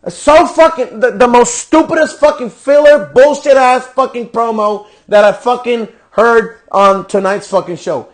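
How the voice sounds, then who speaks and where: A man with a high-pitched voice, swearing freely as he rants through a podcast review of a wrestling show. He sounds fed up, exasperated and blunt. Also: a little slow, few pauses. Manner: profane, ranting, exasperated. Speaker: podcast host.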